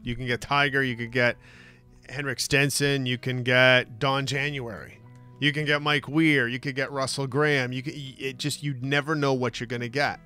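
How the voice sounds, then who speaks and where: A man hosting a sports talk show, telling stories in a lively, casual way. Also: medium pitch, normal speed, clean tone, faint music behind. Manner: animated storytelling with laughs.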